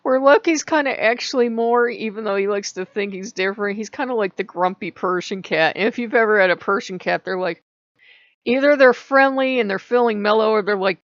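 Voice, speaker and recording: A woman's voice: medium pitch, fairly quick, dry recording, muffled recording. A woman hosting her channel, chatting casually and animatedly, laughing often. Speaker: channel host. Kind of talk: casual vlog chat.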